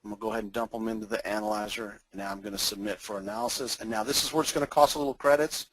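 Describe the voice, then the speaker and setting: A man with a North Texas accent giving a casual, rambling screen-share demo of software as a webinar presenter. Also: lowish voice, steady tone, racing, dry recording, low-quality recording. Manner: folksy, rambling, chuckles often.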